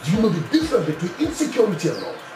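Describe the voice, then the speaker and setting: Lecturing partner, distant and echoey. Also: male voice, high-pitched, wildly swooping pitch, racing, background noise. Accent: Nigerian. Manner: lecturing, questioning. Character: man confronting his insecure partner. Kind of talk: Nollywood film acting. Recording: distant echoey sound, loud film music.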